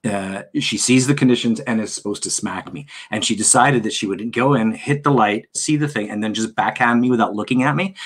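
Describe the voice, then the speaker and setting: A man's voice: mid-range voice, brisk, hardly any pauses, slightly rough. A middle-aged man telling stories as a guest on a video call interview, acting out quotes as he goes. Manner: animated storyteller, acts out quotes. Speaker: guest actor. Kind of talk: casual interview chat.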